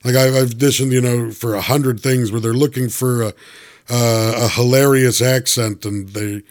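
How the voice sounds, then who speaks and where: A man's voice: medium pitch, steady tone, moderate pace, darkish tone. A man, an actor and podcast guest, chatting casually and telling self-deprecating stories with frequent stammers and restarts. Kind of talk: casual chat.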